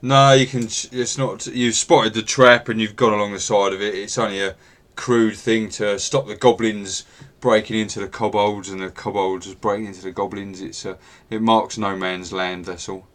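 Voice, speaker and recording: A man with a fairly low voice narrates a tabletop game as its game master. He speaks over a home computer mic in an unhurried, self-mocking manner, pausing on little fillers. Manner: relaxed, self-deprecating, with filler pauses. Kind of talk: running a tabletop game over a video call.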